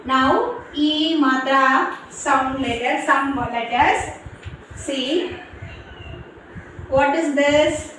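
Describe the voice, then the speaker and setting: A high-voiced woman teacher sounds out syllables very slowly, one by one, and explains each step in plain, halting English. She is recorded in a strongly echoing room, with a faint hum of noise behind her. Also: fairly bright tone. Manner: slow, syllable-by-syllable dictation with non-native English phrasing. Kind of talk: classroom lesson on Hindi vowel signs.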